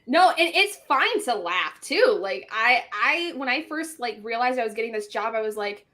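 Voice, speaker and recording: A woman who narrates audiobooks chats casually over a video call. She rambles and giggles often, using lots of filler words, and her voice sits a little high. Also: animated, normal speed, few pauses, pushed and bright. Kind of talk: casual chat on a group video stream.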